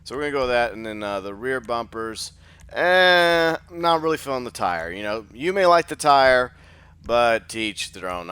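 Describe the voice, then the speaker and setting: A man's voice: fairly low pitch, fairly bright tone, smooth. A man hosting casual gameplay commentary, sleepy after just waking up, rambling and thinking aloud with lots of fillers. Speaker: gaming channel host.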